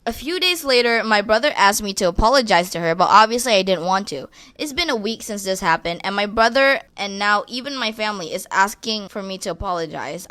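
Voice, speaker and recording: A woman's voice: medium pitch, bright, forceful tone, no echo. Blunt, sassy young woman. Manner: blunt, crude, sassy asides. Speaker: commentary creator. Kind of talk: reading posts aloud with commentary.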